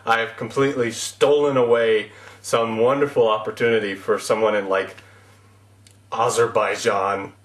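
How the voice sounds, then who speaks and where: A man's voice: mid-range voice, a bit bright, reverberant. A man talking casually to camera in a rambling, self-mocking comic monologue. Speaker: vlogger.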